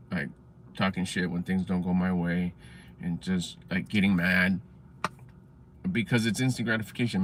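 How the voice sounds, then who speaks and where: A man's voice: low-pitched, a bit bright, a little hiss or hum. A man livestreaming from his car in a casual, chatty way, swearing freely and answering comments from his chat. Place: parked car.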